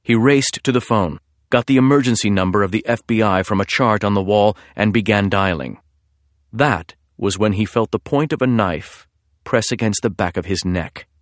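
A man with a lowish voice reads a thriller audiobook, measured and suspenseful. The recording is close and dry, with no room sound. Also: no echo. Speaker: narrator.

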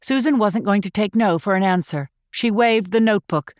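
A woman's voice: medium pitch, moderate pace, darkish tone, dry recording, studio quality. Woman narrating a tense thriller. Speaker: audiobook narrator.

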